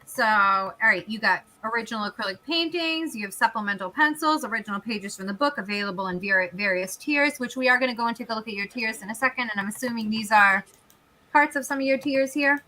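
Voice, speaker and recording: A woman hosting a casual podcast chat, gushing and excitable when talking about music she loves. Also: fairly high pitch, fast, poor audio. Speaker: podcast host.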